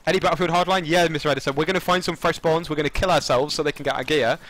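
A young man chatting casually while streaming a game, excitable, swearing and laughing often. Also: on the high side, very fast. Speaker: gaming streamer. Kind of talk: casual gameplay chat.

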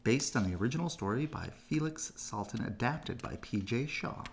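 A man reading a children's storybook aloud, gentle and expressive. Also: mid-range voice, moderate pace, vocal fry, slight background noise. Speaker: storybook reader.

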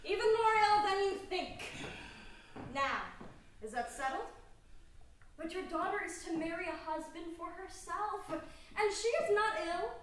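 A woman playing a cheeky, sharp-tongued young maid on stage. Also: very high voice, expressive, measured pace, long pauses, a little hiss or hum. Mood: teasing. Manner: teasing, mock-soothing, cheeky. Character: bold, sharp-tongued young female servant. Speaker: stage actor. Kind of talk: live theater performance. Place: small black box theater. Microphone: distant room mic. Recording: roomy stage sound from far off.

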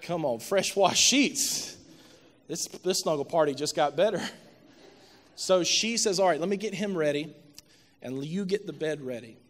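High bright-voiced preacher in a big hall. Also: male voice, animated, unhurried. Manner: storytelling, climbing to loud impassioned preaching. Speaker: pastor. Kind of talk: sermon. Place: church sanctuary. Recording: reverberant church hall.

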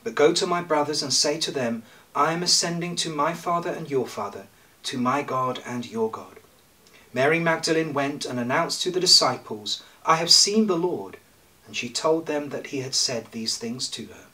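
A priest preaches a sermon in a church, his bright, medium-pitched voice heard from some distance. He speaks in a measured way, with pauses and touches of light humour.

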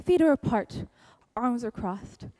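A woman leading an upbeat dance class, calling counts and moves with high energy. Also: a little slow, dry recording, studio quality. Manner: energetic, calls counts and moves over music. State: breathing heavily. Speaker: dance instructor. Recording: music playing underneath. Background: loud dance music.

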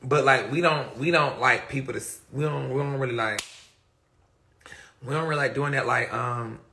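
A livestream host rants into his phone, blunt and profane, reading chat comments aloud between his points. His mid-range voice is creaky, pushed, and bright, at a moderate pace.

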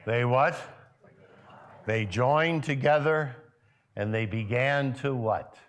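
A male pastor preaches slowly in a medium-pitched voice inside a church sanctuary. Time and again he puts questions to his listeners, and his delivery swells loud and forceful when he's stirred.

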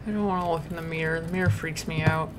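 A woman's voice: sits low, steady tone, fast talker, background noise. A woman commenting on her horror gameplay, nervous and easily startled, often talking back to the game. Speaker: let's play host.

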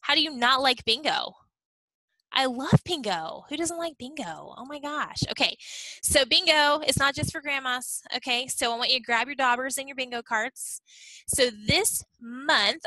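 A woman's voice: sits high, normal speed, pushed and bright, no echo, poor audio. A woman leading a team meeting on a video call, upbeat and chatty, checking in often with "okay?". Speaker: team leader.

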